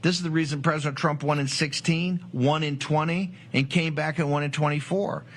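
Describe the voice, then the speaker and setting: A man talking politics in a forceful, rambling way, with frequent fillers and rising emphasis. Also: on the high side, steady tone, brisk. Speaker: political commentator. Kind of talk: broadcast political talk.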